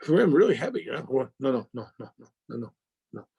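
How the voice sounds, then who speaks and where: A middle-aged man, an actor being interviewed, who tells an animated story and acts out phone calls with swearing and loud outbursts. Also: mid-range voice, fast talker, creaky, breathy edge, highs cut off.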